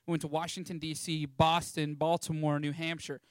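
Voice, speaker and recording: A man's voice: a little high, little pitch movement, brisk, no room sound, clean studio sound. A young man of about eighteen from Texas, giving a casual, rambling testimony talk about a mission trip, with lots of fillers. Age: young adult, about 18.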